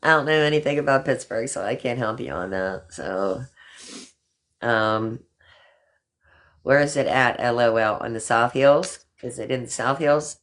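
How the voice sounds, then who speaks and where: An older woman chatting on a phone livestream, warm-hearted with her viewers and calling them honey. She talks loosely and affectionately, with the odd casual curse word dropped in. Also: a bass voice, unhurried. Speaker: livestream host.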